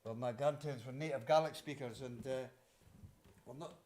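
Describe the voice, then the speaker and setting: A man's voice: mid-range voice, normal speed. A man with a Scottish accent, a singer-songwriter hosting a live music show, chatting casually and telling homely stories between songs. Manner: relaxed and rambling, gentle chuckles, homely storytelling.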